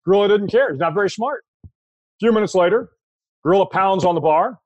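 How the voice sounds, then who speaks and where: An older American man, a guest in an interview, telling a long anecdote in a relaxed, conversational way with frequent restarts. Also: sits high, fast, dry recording, muffled recording. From United States. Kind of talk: storytelling anecdote.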